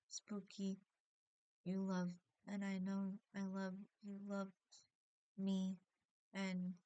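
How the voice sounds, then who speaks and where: A woman vlogger talking haltingly about missing her late cat and friend, often restarting her sentences and close to tears. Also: medium pitch, darkish tone, clean tone, dry recording. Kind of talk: emotional personal vlog.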